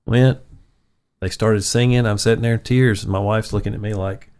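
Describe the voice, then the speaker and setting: A pastor talks through his faith in a sincere, reflective way. His voice sits a little low for a man, and his tone is easygoing and conversational. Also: fairly even intonation, normal speed, a little mellow. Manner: earnest, reflective storytelling. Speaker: pastor and podcast host. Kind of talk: casual faith chat.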